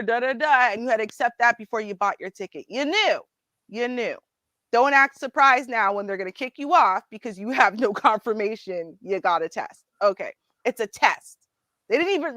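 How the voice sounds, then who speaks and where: A woman hosting a casual commentary show, animated and sarcastic, laughing often and talking straight to her viewers. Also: medium pitch, dry recording. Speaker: host. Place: Ontario.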